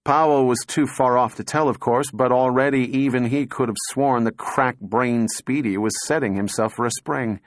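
Male narrator for scripted fiction, mid-pitched, measured and dramatic, dry booth sound. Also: fairly even intonation, dry recording. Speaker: audiobook narrator.

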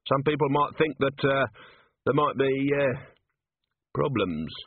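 A man's voice: mid-range voice, unhurried, slightly rough, dry recording, voice pushed up. A man voicing a polite, earnest young male watch captain with a mild, pointed manner, on a tinny recording. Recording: dry, tinny phone-like sound.

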